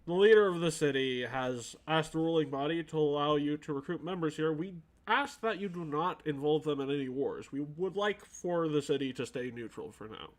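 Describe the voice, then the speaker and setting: A man narrating a tabletop game as game master, in a loose, halting way. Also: a little high.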